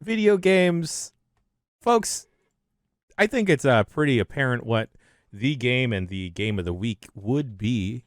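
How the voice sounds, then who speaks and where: Man, podcast host, middle pitch, dry close sound, teasing, steers the talk. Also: lively intonation, takes it slowly, no echo. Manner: steers the talk, mock-wounded joking. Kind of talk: casual podcast chat.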